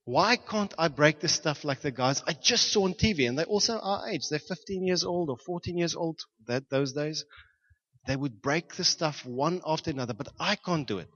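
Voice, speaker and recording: A lively man preaching, slightly high and bright in tone. He tells stories in his sermon, bursting into shouts and sound effects and laughing along the way. The recording is dull and lo-fi. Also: normal speed. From South Africa, Johannesburg. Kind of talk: storytelling sermon.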